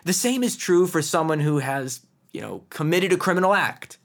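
A man's voice: a little high, expressive, moderate pace. A man preaching a sermon, earnest and emphatic, with pointed rhetorical questions.

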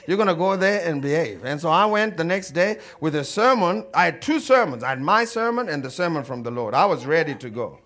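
A man preaching a sermon as a story, animated and swinging between loud and quiet, chuckling as he goes. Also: a little high. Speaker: pastor.

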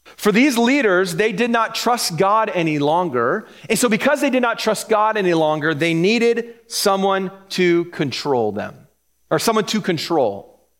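A man's voice: high-pitched, sing-song, unhurried, fairly bright tone. A man preaching a sermon in a conversational way, explaining each verse with asides and chuckling between points. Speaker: pastor.

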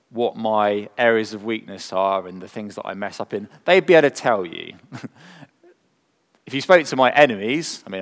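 A male preacher delivers a sermon at a middling pitch, leaning on rhetorical questions. He presses points with emphasis, then drops to a hush. His voice rings with the long reverb of a large hall. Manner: earnest, rhetorical questions, swings from emphatic to hushed.

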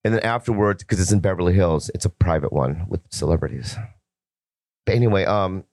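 Man, low voice, guest comedian, blunt and rambling, dry close sound. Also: darkish tone, no room sound. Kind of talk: casual podcast banter.

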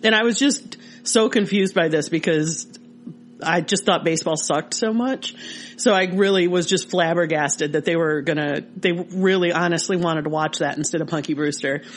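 A woman in her forties from Michigan, co-hosting a podcast and telling a childhood story in a lively, casual way. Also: moderate pace. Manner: animated, rises in pitch when excited. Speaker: podcast co-host.

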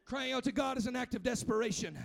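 A man preaching a fervent sermon, often shouting and chanting, with frequent "uh" and "amen". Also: very high voice, fast, vocal fry.

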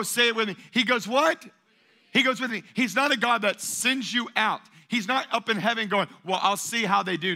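A male pastor delivering an energetic sermon in a church, calling on the congregation to answer back. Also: sits high. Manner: call-and-response preaching, energetic and emphatic.

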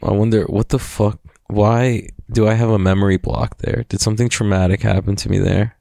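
A man's voice: lowish voice, fairly even intonation, fairly quick, gravelly, warm tone, dry recording, studio quality. A man hosting a podcast, talking in a loose, rambling, profane way and laughing often. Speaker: podcast host. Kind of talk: casual rambling monologue.

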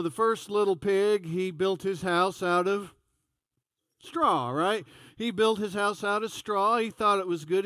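A man's voice: sits high, fairly bright tone, dry recording, clean studio sound. A man preaching a sermon in a folksy, conversational storytelling way. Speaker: pastor.

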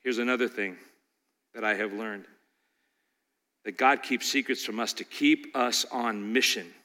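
A man preaching a sermon with animated rhetorical questions, sometimes acting out voices. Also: mid-range voice, unhurried, long reverb tail. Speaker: pastor.

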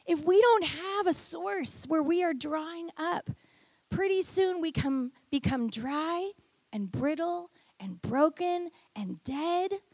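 A middle-aged woman preaching a sermon, telling a personal story that swings from hushed to emphatic. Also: very high voice, expressive, slow, no echo.

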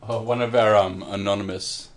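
A man's voice: fairly low pitch, fairly even intonation, normal speed. A man co-hosting a podcast, talking in an easygoing, profane way and laughing often. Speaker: podcast co-host. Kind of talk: casual chat.

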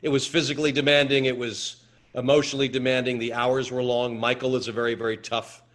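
A man, an actor being interviewed, telling stories in a halting way with many repeated words. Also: medium pitch, little pitch movement, fairly bright tone. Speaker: actor guest. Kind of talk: anecdotal interview chat.

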